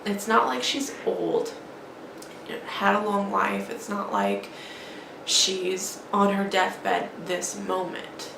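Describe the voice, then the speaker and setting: A woman vlogger telling an emotional personal story in a halting, grieving way. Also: medium pitch, creaky. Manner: halting, grieving, many restarts and fillers. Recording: echoey room with faint background noise.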